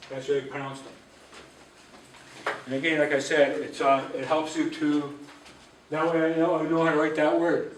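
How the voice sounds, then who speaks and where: A man teaching an Ojibwe language class, patiently drilling syllables and repeating words slowly. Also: a little high, flat delivery, a little hiss or hum. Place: library auditorium. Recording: echoey room, voice from a distance.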